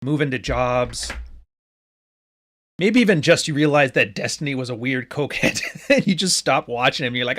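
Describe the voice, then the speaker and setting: A man's voice: medium pitch, lively intonation, moderate pace, fairly bright tone. A man in his late thirties from Canada, hosting a podcast in loose, joking chat with his live audience, swearing freely. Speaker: podcast host. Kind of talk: casual live-stream talk to a chat.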